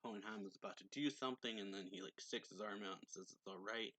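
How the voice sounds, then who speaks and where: A man with a lowish voice casually recapping a manga chapter. He talks in a hesitant, filler-heavy way and often corrects himself mid-sentence. The sound is dry and close. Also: quick pace, bright, forceful tone, dry recording, poor audio. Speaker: manga reviewer.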